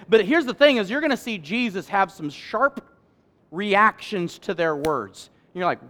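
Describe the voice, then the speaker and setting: A man preaching a sermon as pastor, joking with the congregation and swinging between loud emphasis and quiet asides. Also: high voice, expressive, normal speed.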